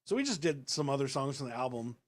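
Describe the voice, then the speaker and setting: A man's voice: mid-range voice, big pitch swings, fast. A man hosting a casual podcast, rambling loosely through stories with lots of fillers and restarts. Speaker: podcast host and rapper.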